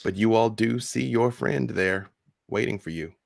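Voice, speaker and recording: A man narrating as game master in a tabletop game, with measured, descriptive narration. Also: on the low side, creaky, no echo, clean studio sound.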